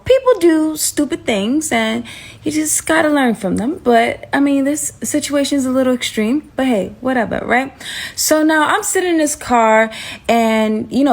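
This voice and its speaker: A young woman telling a dramatic personal story in a chatty, animated way, full of asides. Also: sits high, moderate pace. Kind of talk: casual storytime monologue.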